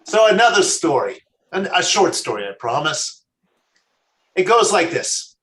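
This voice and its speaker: A man, a rabbi, telling a story in a sermon, measured and slowing down for emphasis. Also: high-pitched, very animated, a bit bright. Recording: echoey room.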